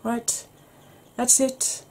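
Lady doing a chatty asmr makeup vlog, soft and mellow, bits of whisper. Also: extremely slow. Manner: chatty, softly spoken with whispered stretches. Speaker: beauty YouTuber.

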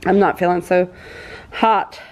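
A woman's voice: on the low side, steady tone, measured pace, a little mellow. A woman with a cold and a stuffy voice, chatting casually to the camera and to her animals while doing farm chores outdoors. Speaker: homesteader vlogger. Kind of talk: casual vlog chat.

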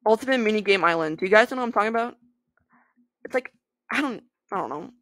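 A bubbly young woman talks through her gameplay for her viewers and keeps breaking into giggles. Her voice sits at a middle pitch. The recording is dry and close, with no room sound. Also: lively intonation, fast, fairly bright tone, dry recording. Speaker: gaming video creator. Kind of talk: casual gameplay commentary.

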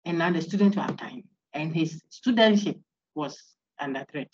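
A woman giving an animated philosophy lecture on a video call, asking her class rhetorical questions. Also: low voice, moderate pace, husky. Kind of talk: online university lecture. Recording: lo-fi online call audio.

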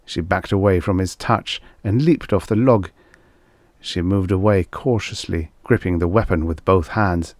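An audiobook narrator with a deep, darkish voice reads vintage science fiction aloud, telling the story expressively at an unhurried pace. There's no echo.

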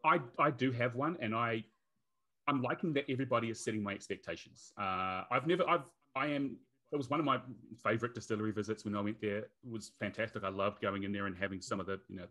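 A man's voice: on the low side, brisk, sharp tone. A man with a New Zealand accent, a guest in a casual whisky tasting chat, joking in a dry, self-mocking way.

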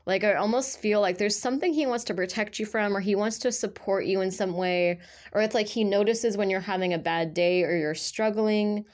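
A woman's voice: mid-range voice, fairly quick. A woman giving a casual tarot reading to her viewers, talking in a rambling, chatty way full of fillers. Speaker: tarot reader.

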